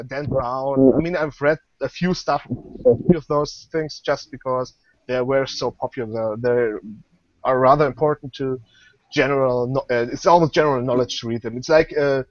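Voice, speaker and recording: A man's voice: medium pitch, no room sound. Hesitant young man, dull call audio. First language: German. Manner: hesitant, many fillers and restarts. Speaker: guest author. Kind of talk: casual online interview. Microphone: video call.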